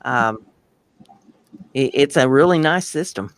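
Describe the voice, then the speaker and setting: Folksy Ohio man with a smooth voice. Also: medium pitch, lively intonation. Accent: rural Ohio. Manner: folksy, teasing, quick to laugh. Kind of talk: casual livestream chat.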